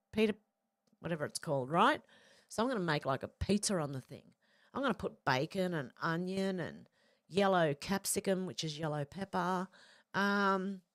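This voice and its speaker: A woman's voice: medium pitch, dry recording, studio quality. Chatty Australian woman reading live chat. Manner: chatty, reads comments aloud, blunt and swears. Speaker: livestream host reading chat.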